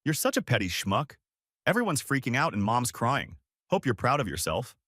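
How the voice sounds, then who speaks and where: A man's voice: mid-range voice, very animated, moderate pace, a bit bright, breathy edge, no room sound, clean studio sound. A man voicing a sneering, sarcastic brother.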